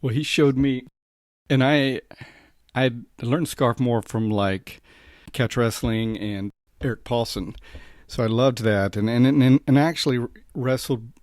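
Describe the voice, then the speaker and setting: A man hosting a podcast in relaxed, casual chat, often restarting his sentences. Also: medium pitch, unhurried, no room sound, clean studio sound. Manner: relaxed, conversational, many restarts. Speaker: podcast host.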